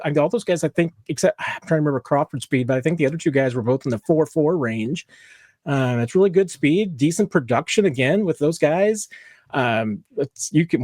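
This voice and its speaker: A man's voice: a little high, a little mellow, dry recording, studio quality. A man with an Ozarks accent hosting a casual sports podcast, in an easygoing, wry way. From Ozarks, Missouri. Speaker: podcast host.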